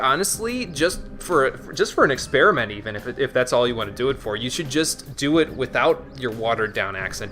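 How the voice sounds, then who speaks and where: In a mid-range voice that is bright and forceful, a livestream host talks through a relaxed gaming session. He's chatty, answers the chat, and tends to repeat himself.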